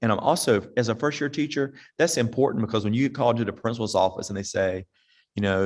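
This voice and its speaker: A man's voice: mid-range voice, quick pace. A man, a veteran teacher giving a casual talk to other teachers in a folksy, direct way. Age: 50s. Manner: folksy and direct, acts out parents and sings snippets. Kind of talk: casual conference talk with audience questions. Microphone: online presentation mic.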